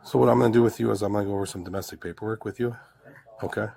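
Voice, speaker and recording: A male police officer with a low, gravelly voice who talks very fast but keeps calm. He checks in again and again as he speaks. He is recorded on his own body camera. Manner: calm, repeats "okay?". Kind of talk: real bodycam exchange.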